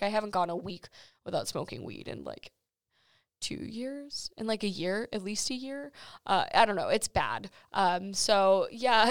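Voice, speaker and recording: A woman's voice: medium pitch, a bit bright, clean tone, dry recording. A young woman hosting a podcast, chatting casually with giggles and swearing. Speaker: podcast host. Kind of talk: casual chat. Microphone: studio microphone.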